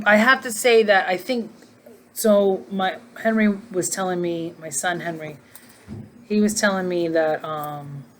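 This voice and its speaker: A woman's voice: lowish voice, fairly bright tone, a little hiss or hum. A middle-aged woman chatting casually to her viewers from home, rambling from one tangent to the next. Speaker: vlogger. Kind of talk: casual chat to camera.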